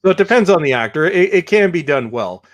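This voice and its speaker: A podcast guest with a Canadian accent speaks fast and animatedly in a fairly high male voice during a casual chat. He is hesitant and self-deprecating, poking fun at himself, with many fillers and restarts.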